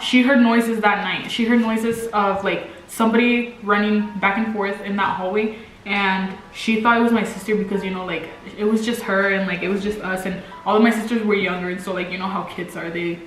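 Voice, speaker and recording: This vlog co-host is a young woman whose medium-pitched voice has a slightly bright quality. She tells stories in a loose, rambling way, leaning heavily on fillers and saying "like" often. The recording picks up an echoey room, a distant mic, and faint music.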